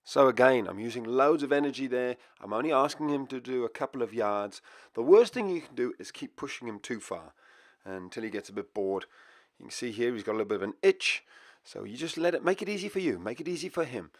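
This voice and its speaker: A man's voice: mid-range voice, lively intonation, fairly quick, no echo, clean studio sound. A man who trains dogs, giving an upbeat, explanatory voice-over lesson. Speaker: dog trainer. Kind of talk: instructional voice-over.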